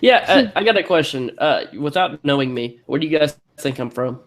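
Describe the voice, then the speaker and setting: A person teasing loudly in a casual group voice chat. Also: mid-range voice, expressive, fairly quick.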